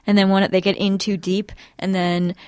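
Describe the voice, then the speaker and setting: A woman's voice: mid-range voice, flat delivery, normal speed, darkish tone, no echo, clean studio sound. A young woman co-hosting a podcast, talking casually, laughing and trailing off mid-sentence. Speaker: podcast co-host. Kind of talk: casual chat.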